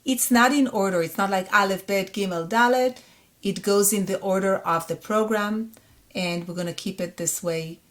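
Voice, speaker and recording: A woman with an Israeli accent teaching a reading lesson, sounding out syllables slowly and repeating each word. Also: mid-range voice, a bit bright. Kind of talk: slow, patient reading lesson.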